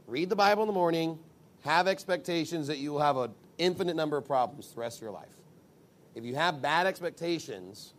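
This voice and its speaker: A man delivers sermon-style advice in a fairly high voice, animated as he talks. He slips into little acted-out quotes of other people as he goes.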